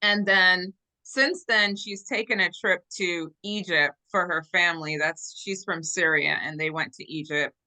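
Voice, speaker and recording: Woman, lowish voice, bright and forceful tone, animated earnest storytelling, video call. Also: a little slow, hardly any pauses, low-quality recording. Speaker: interview guest. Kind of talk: casual storytelling.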